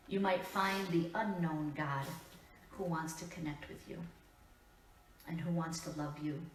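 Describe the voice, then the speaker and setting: A woman pastor preaches with an Upper Midwest American lilt, her voice sitting a little low for a woman. She speaks in a measured, earnest way and leaves deliberate pauses between her phrases. The sound carries the reverb of a church room, picked up from some distance away. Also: slight background noise. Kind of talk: sermon. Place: church sanctuary. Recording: echoey church room, voice from afar.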